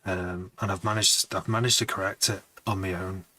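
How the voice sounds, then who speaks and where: A man's voice: sits low, fairly even intonation, normal speed, sharp tone, a little hiss or hum. A man producing music on a live stream, chatting to viewers in a rambling, casual way.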